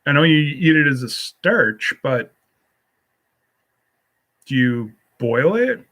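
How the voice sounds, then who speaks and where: A man's voice: fairly high pitch, sing-song, slow, pushed and bright. A man hosting a casual solo live stream, rambling as he reads and answers viewer comments with a folksy, teasing manner.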